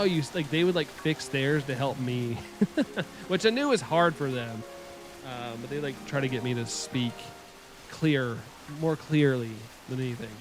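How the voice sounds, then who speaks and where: A man chatting casually with his live-stream viewers, rambling and laughing often. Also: medium pitch.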